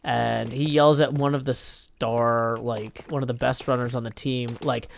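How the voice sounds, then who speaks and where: Male streamer from Tennessee, casual live-stream chat, rambling storyteller, mid pitch. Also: flat delivery, a little slow, gravelly, hardly any pauses. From Tennessee, United States. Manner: rambling storyteller, many "like"s and restarts. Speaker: live streamer playing a block-building game.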